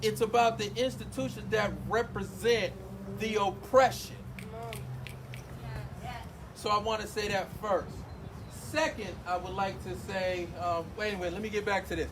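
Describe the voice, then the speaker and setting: A man's voice: high voice, steady tone, normal speed. A man speaking emotionally at an outdoor community forum, projecting his voice and addressing the crowd directly. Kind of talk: impassioned public speech. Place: outdoors at a street gathering. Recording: outdoor noise behind the voice.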